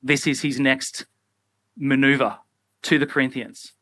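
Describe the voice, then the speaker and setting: A young man preaching a sermon in a casual, animated way, often acting out little everyday scenes. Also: mid-range voice, measured pace, no room sound. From Australia. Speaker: pastor.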